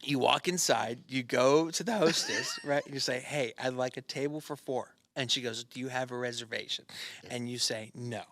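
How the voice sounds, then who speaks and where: Bright-voiced crude joking podcast host. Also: male voice, medium pitch, expressive, moderate pace, no echo. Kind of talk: casual podcast banter.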